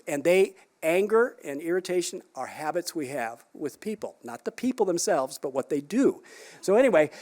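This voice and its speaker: A psychologist giving a conference talk to caregivers in a conversational way, asking the audience rhetorical questions and adding wry, down-to-earth humor. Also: male voice, fairly high pitch. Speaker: psychologist presenter.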